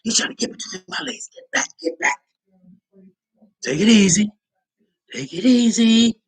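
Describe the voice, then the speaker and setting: A man voicing a shrill, disgusted young woman in a mocking, shrieking way. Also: animated, a little slow, breathy edge, heavily acted. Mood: panicked.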